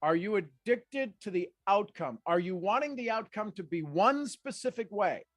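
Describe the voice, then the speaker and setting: A man coaching a group on a video call, energetic and repeating his commands over and over. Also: high-pitched, normal speed, no room sound, clean studio sound. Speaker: life coach.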